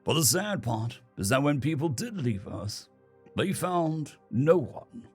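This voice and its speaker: A gentle young father explaining patiently to his son, voiced by a male storyteller. He talks slowly and carefully, with a husky, breathy grain. His pitch moves in a lively way over faint background music. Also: exaggerated voice. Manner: slow, explaining tone.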